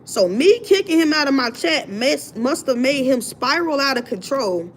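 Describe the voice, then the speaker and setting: A woman hosting her own livestream, telling a story in an indignant, animated way. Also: high-pitched, moderate pace, slight background noise. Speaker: livestream host. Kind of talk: casual livestream rant.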